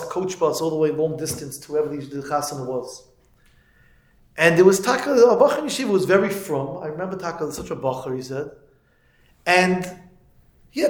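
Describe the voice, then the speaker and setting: Man, high voice, lecturing students, storytelling turning to fervent preaching, Yiddish and Hebrew terms throughout, echoey room. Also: darkish tone. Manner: storytelling, rising to emphatic moral preaching. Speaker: teacher of yeshiva students.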